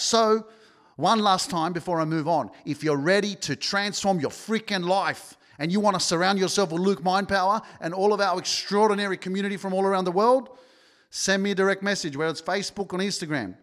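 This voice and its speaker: This is a man coaching his podcast listeners, blunt and insistent, cursing and circling back to the same point. His voice sits somewhat high for a man. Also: a bit bright. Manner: swearing, pushy, repeats himself, quotes people in his own voice. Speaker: podcast host and self-help coach. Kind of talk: motivational podcast monologue, live-streamed.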